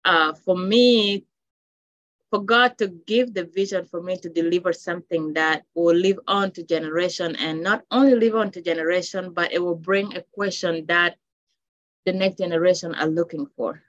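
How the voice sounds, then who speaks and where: A woman from Africa speaks about her children's book with deep emotion, often stopping and restarting her sentences. The recording sounds dull and lo-fi, with a dry, close feel and no room echo. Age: adult with children. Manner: emotional, halting, many restarts. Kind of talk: heartfelt interview talk.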